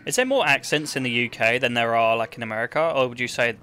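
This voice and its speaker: A man's voice: medium pitch, fast talker, pushed and bright. A young man from England with a London-area accent, chatting casually and rambling with lots of fillers while streaming a game at home. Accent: London-area English. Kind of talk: casual chat while gaming.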